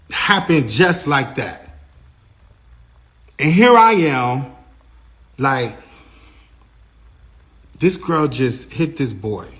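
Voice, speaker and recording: A man recounts a dramatic backstage event in a loose, conversational way. He is animated, slips into other people's lines as he tells it, and his speech is full of "like" fillers. His voice sits at an ordinary middle pitch for a man. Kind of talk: casual first-person storytelling.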